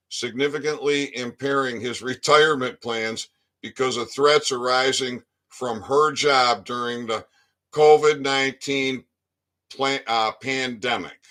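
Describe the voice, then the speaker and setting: A man from Michigan reading a news article aloud and breaking into profane, angry commentary, dropping from low muttering to shouting. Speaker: online commentator.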